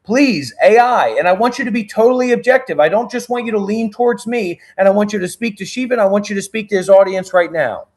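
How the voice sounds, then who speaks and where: A man with a high voice rants on a livestream. He pleads, rambles and swears, piling clause on clause. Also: lively intonation, fast talker, few pauses. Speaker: livestream guest prompting an AI. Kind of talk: heated livestream talk.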